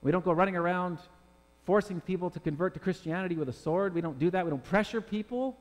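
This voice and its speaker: Male pastor, slightly high voice, emphatic sermon delivery, long reverb of a church hall. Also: quick pace. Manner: emphatic preaching, rhetorical questions to the congregation. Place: church sanctuary with congregation.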